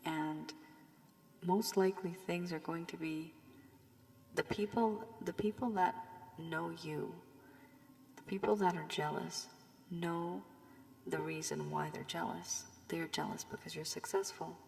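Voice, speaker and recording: A woman giving a rambling tarot reading while recovering from a cold, her voice strained and husky, slipping at times to a whisper. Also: on the low side, steady tone, a little slow, pauses often, a little mellow, long reverb tail, a little hiss or hum. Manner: loose and rambling with many fillers, warning and advising. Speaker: tarot reader. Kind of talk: casual tarot reading monologue.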